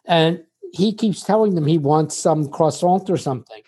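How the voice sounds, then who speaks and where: A relaxed interview features an older US man as guest; his voice runs a little high and slightly rough, yet warm and mellow, not bright. At a measured pace he tells conversational stories, backing up his points with little anecdotes.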